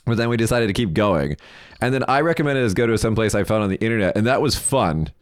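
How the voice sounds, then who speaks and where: Man, podcast co-host, lowish voice, lively pitch swings, casual storytelling, dry close sound. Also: dry recording. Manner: animated storytelling, chatty, quick laughs. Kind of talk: casual chat.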